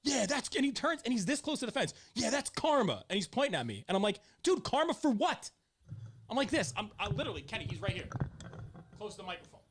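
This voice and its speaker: Casual host, a man in his forties; animated, lively storyteller who gets loud in retold arguments. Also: high-pitched, quick pace, slightly rough. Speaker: podcast host, youth softball coach. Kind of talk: casual chat.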